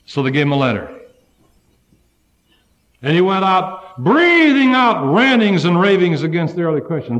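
A man preaching a sermon to a congregation, swinging from loud fervent cries to low, hushed passages. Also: very animated, moderate pace, long pauses.

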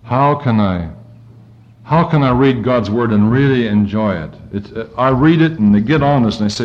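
A man preaching a sermon, reading scripture aloud and swinging his pitch and volume up and down as he goes. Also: moderate pace. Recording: dull lo-fi recording.

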